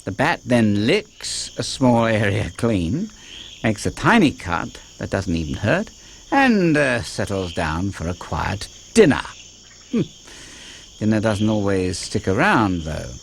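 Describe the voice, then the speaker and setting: A man's voice: fairly low pitch, wildly swooping pitch, slow pace, vocal fry, slight background noise. A man narrating a kids' wildlife program in a jokey, playful way. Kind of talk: scripted wildlife narration for kids. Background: music.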